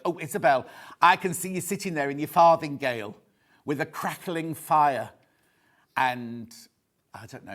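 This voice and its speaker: A man's voice: fairly high pitch, measured pace, long pauses, a bit bright. A man hosting a live TV shopping show. He is chatty, camp and jokey, and reads out viewer messages as he talks. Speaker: shopping channel presenter.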